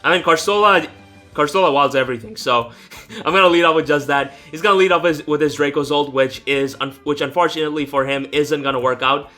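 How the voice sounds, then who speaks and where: A young man talks through his own competitive match in a loose, rambling way, restarting sentences and swearing now and then. His voice is bright and forceful, and sits a little high for a man. Faint music plays underneath. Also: fairly quick. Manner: rambling, self-correcting, swears casually. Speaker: gaming YouTuber. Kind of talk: casual live gameplay commentary.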